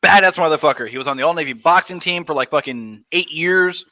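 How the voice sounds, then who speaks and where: Bright-voiced young man swapping navy stories. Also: on the high side, a little fast. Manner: profane, loose storyteller. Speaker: podcast guest. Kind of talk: casual storytelling chat.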